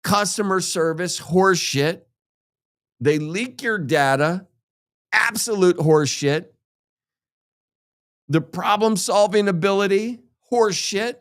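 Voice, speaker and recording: Slow-talking man in a profane rant. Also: high-pitched, fairly bright tone. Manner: heated, sarcastic, swears constantly. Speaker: crypto podcast host. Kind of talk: profane ranting monologue.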